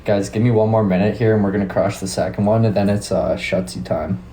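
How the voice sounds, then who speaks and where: A young man with a Canadian accent talks loosely to his stream audience, relaxed and swearing now and then. His voice sits deep and dark in tone. A faint hiss of noise runs underneath. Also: fairly quick, rough recording. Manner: laid-back, swears casually, chats with viewers. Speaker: livestream host. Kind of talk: casual live-stream chat with viewers.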